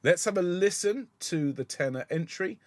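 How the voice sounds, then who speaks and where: A man leading a choir rehearsal, explaining the music in a gentle, encouraging way. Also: high voice, lively intonation, moderate pace, no room sound. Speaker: choir director.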